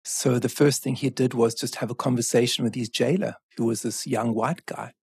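A man speaks in an earnest, measured way, with a husky grain to his voice. He tells a story as a guest in conversation. The recording is dry and close. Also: mid-range voice, steady tone, a little mellow, no room sound. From South Africa. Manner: earnest, measured, with frequent restarts and asides. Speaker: author and guest.

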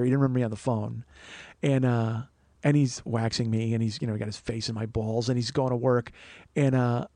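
A man's voice: medium pitch, darkish tone, dry recording. A man hosting a comedy podcast, telling rambling, profane, self-mocking stories in casual chat. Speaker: podcast host.

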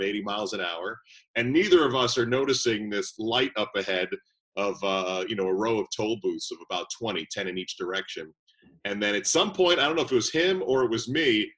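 A man who works as a radio play-by-play announcer, telling lively anecdotes in a casual interview and voicing the people he quotes. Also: fairly low pitch, rough recording.

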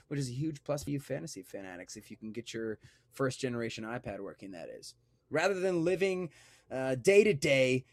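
A man's voice: a little high, no echo. A man hosting a sports podcast, reading an ad and chatting casually in a joking, rambling way that keeps interrupting itself. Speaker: podcast host.

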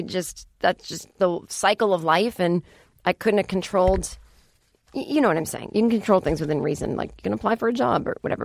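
A woman's voice: fairly low pitch, dry recording. A woman hosting a comedy podcast, chatting in a rambling, self-deprecating monologue full of fillers, recorded in a podcast studio. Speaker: podcast host.

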